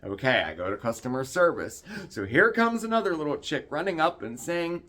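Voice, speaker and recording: A man co-hosting a vlog, telling a story in an indignant, animated rant and acting out other people's lines. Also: on the high side, a little fast. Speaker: vlog co-host.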